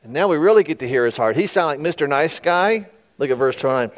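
A man's voice: fairly high pitch, expressive, quick pace. A man preaching a sermon, retelling scripture with folksy, conversational asides to his listeners. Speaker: pastor.

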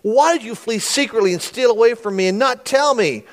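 A man's voice: on the high side, sing-song, normal speed, in a large hall. A man voicing a scheming older uncle, reading his grievances from scripture in a raised, aggrieved tone. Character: wily older male uncle, wounded and scheming.

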